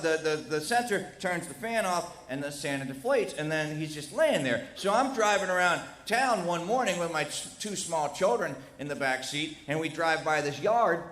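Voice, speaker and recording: A middle-aged man with a West Virginian accent telling a comic tall tale on stage in a folksy, animated way. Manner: animated, folksy, with big jumps in pitch and loudness. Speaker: storyteller. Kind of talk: comedic storytelling on stage. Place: stage in a small lounge. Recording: echoey live room with faint noise.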